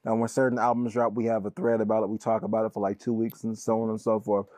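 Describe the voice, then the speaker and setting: A man co-hosting a podcast in casual chat, animated, his voice jumping up when he argues, laughing often. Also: on the low side, fast, no echo. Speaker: podcast co-host.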